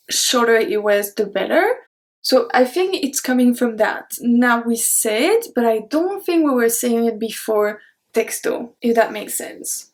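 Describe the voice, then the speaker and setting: A woman who speaks natively, teaching in a chatty way and repeating each word for practice. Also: on the high side. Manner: chatty, explains with examples and repeats words. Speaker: French teacher. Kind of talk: casual video lesson. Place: home in Canada.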